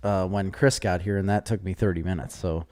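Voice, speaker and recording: A man's voice: low-pitched, fairly even intonation, a little fast, a little mellow. A man co-hosting a podcast, chatting casually and laughing often. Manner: laughs often, easygoing banter. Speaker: podcast co-host. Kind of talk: casual chat.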